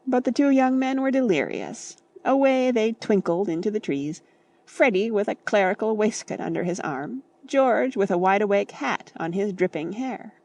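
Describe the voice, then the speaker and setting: In a mid-range voice, a woman reads a classic novel aloud for an audiobook. She keeps the delivery measured while staying expressive.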